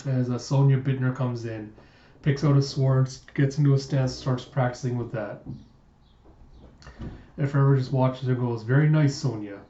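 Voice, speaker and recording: A man's voice: mid-range voice, level tone, moderate pace, long pauses, dark tone, a little hiss or hum. A man casually reading a comic aloud, narrating the scenes and chuckling along the way. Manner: chatty, laughs at the story, frequent restarts. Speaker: comic reader. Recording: roomy, dull lo-fi sound.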